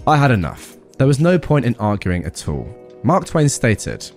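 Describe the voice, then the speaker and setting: A male storyteller narrates with sarcastic humor and comic asides. His pitch moves up and down a lot as he tells it. Soft background music sits under his voice. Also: huge pitch swings, normal speed.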